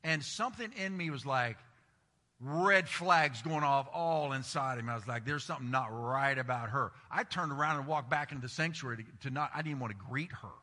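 A man's voice: medium pitch, fairly quick, bright, forceful tone. A middle-aged man preaching a sermon as pastor, telling stories animatedly and acting out the voices he quotes. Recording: long reverb of a large hall.

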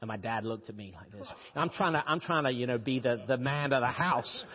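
Husky Brazilian-raised pastor in a reverberant church. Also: male voice, fairly quick. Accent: British-tinged. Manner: storytelling, animated with pitch jumps for emphasis. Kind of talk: sermon. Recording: dull lo-fi audio with long church reverb.

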